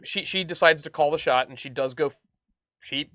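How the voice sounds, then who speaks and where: Bright-voiced man chatting on a podcast. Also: a little high, moderate pace, no echo. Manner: rambling, retells scenes with quoted lines. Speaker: podcast co-host. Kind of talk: casual chat.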